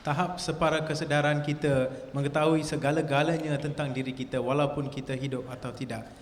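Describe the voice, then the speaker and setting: A man interpreting a spiritual lecture live for an audience, fluent and steady. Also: fairly high pitch, fast, slight background noise. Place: hall with an audience. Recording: echoey hall recording.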